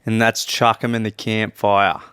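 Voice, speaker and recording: A man's voice: lowish voice, little pitch movement, a little slow, fairly bright tone, clean tone, no echo, studio quality. A man co-hosting a podcast in casual chat, easygoing and laid-back. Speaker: podcast co-host.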